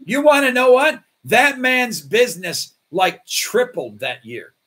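Animated high-voiced husky preacher man. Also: unhurried. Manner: animated, acts out voices in his stories. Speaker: pastor. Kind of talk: sermon with storytelling.

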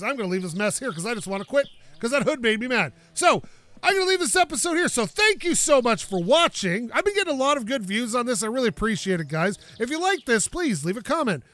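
A man's voice: extremely high pitch, sharp tone. A young man casually narrating his own gameplay, talking to himself and swearing when frustrated. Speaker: gaming YouTuber. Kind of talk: casual let's-play commentary.

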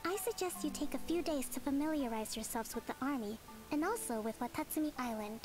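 A woman voicing a calm young woman who leads a rebel army in a game, soft and measured. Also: sits high, over music, natural voice. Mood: briefing. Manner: measured, courteous.

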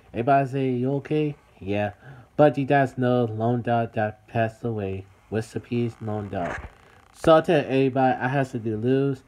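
A man's voice: mid-range voice, a little mellow. A man talking in a casual vlog to his viewers, repeating himself and calling out to everybody. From United States. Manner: repetitive, addresses viewers as everybody. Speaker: vlogger. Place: city.

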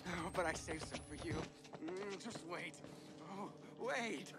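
A man's voice: high-pitched, unhurried. An actor playing a creepy male asylum inmate who coos in a sly, sing-song way.

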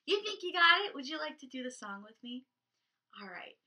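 A woman, a children's librarian, leading a storytime, animated and encouraging as she talks to children. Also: high-pitched, fairly quick, background noise. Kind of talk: storytime reading for kids.

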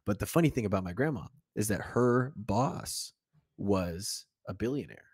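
A man's voice: on the low side, lively intonation, a little mellow, breathy edge, no room sound, studio quality. A young man co-hosting a podcast, telling a family story in casual chat, speeding up and laughing as he goes. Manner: storytelling, quick bursts, laughing asides. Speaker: podcast co-host.

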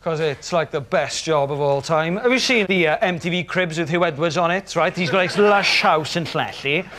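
A man's voice: a little high, fairly quick, a bit bright, close to an everyday voice. A man playing a cocky young Welsh man who rambles, full of fillers, about wanting to be a newsreader. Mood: rambling. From Wales. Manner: rambling, filler-heavy boasting storytelling. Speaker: comedy character, aspiring newsreader. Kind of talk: sketch comedy performance.

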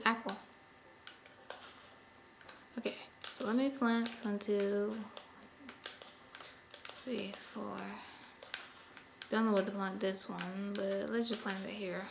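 A woman's voice: medium pitch, steady tone, slow, pauses often, noisy background. A woman giving casual gameplay commentary, chatty and sighing often as she talks to the animals in her game. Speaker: gameplay video host.

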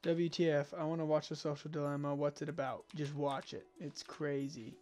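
A man streaming a farming game and chatting casually with a friend, excitable and quick to exclaim, sounding tired. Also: on the high side. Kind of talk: casual gaming chat.

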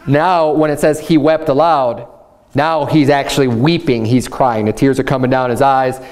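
A man's voice: mid-range voice, fairly even intonation, normal speed, darkish tone. A man preaching a sermon in a loose, conversational way, often restarting his sentences. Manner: conversational Bible teaching with frequent restarts and "you know". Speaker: pastor.

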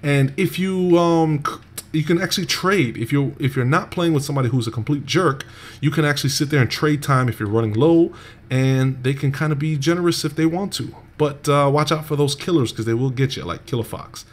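A man's voice: fairly high pitch, fairly quick. Joking man chatting over a game. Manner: joking, playful, laughs a lot, puts on quoted voices. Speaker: gaming channel host. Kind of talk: casual gameplay banter.

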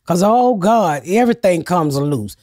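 Loud cussing woman, dry close mic. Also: on the low side, measured pace, no room sound. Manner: loud, excitable, cussing freely. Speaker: comedian guest. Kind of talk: casual podcast chat.

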